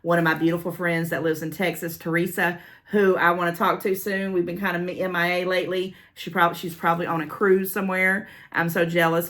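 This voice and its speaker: A middle-aged woman chatting casually on her vlog, rambling and gushing to a friend and her viewers as she opens gift mail. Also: lowish voice. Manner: squealing with excitement. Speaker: vlogger opening gift mail.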